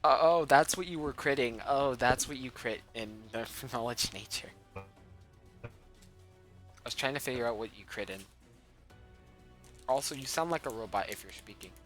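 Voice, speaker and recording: A young man running an online tabletop game as game master, chatty and quick to laugh, on a home mic over a voice call. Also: medium pitch, a bit bright, faint music behind. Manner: chatty, laughs often, restarts sentences. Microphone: home microphone on a voice call.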